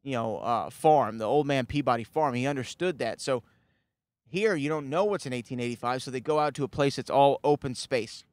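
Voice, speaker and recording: A male podcast host talks through a film recap in a loose, rambling way, full of "you know" and "uh". His voice sits at an ordinary middle pitch. The recording is close and dry, with no room sound. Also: fairly quick, dry recording. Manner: rambling, filler-heavy retelling with chuckles.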